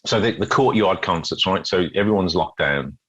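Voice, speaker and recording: A man's voice: low voice, normal speed, husky, dull audio. A middle-aged British man, a busker, telling stories in a casual interview, often repeating words as he goes. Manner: animated storyteller, repeats words, acts out quotes. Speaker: guest busker.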